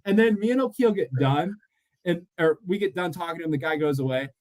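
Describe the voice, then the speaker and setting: A man co-hosting a casual podcast, telling stories in an animated way and acting out the voices of people he quotes. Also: on the high side, brisk. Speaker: podcast co-host; mortgage loan officer. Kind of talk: casual chat.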